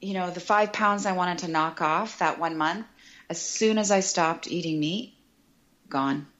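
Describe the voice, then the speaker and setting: A middle-aged woman talking as a podcast guest, chatty and animated, often acting out quoted remarks. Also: lowish voice, a little slow, dull audio. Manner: animated and chatty, quotes herself and others in lively voices. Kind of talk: casual podcast conversation.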